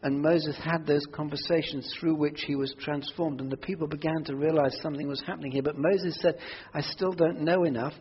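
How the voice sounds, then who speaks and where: Male preacher, husky voice, earnest and emphatic, recorded dull with long hall reverb. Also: on the high side, fairly even intonation, fairly quick, hardly any pauses. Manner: earnest, swings from quiet prayerful asides to loud emphatic declarations. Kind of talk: sermon. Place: church hall.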